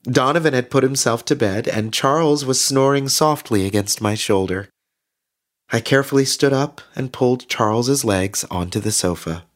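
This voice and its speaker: An actor playing a cheerfully devout male radio host who delivers grim news in a bright, chatty way. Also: mid-range voice, moderate pace, close to an everyday voice. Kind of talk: scripted radio drama narration. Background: faint guitar music.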